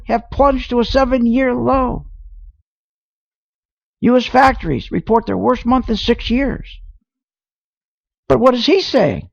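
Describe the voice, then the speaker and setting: A man's voice: very high-pitched, slow, vocal fry, long pauses, no echo. A man hosting a radio talk show, ranting indignantly with rhetorical questions, heard through a dull lo-fi radio sound. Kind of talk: opinionated radio talk on markets.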